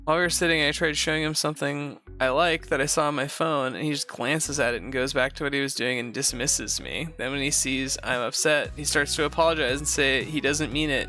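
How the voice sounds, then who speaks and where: Bright-voiced man reading and reacting. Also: medium pitch. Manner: reads in first person, breaks off for blunt sarcastic asides. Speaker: host reviewing reddit posts. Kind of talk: reading a post aloud with commentary.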